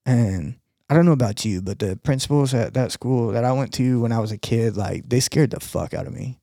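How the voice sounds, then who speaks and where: A man co-hosting a casual podcast with a gravelly, fry-edged voice. He rambles through a story, stopping for fillers and laughing along. The sound is dry and close. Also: mid-range voice, brisk, mellow, no echo. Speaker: podcast co-host. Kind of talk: casual chat.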